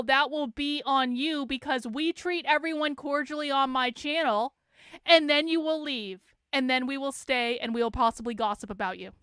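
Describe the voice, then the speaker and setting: Woman livestream host, sarcastic rambler, sharp and high-pitched. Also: moderate pace, dry recording, studio quality. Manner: rambling and sarcastic, many fillers and restarts. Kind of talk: casual livestream commentary, reading chat comments.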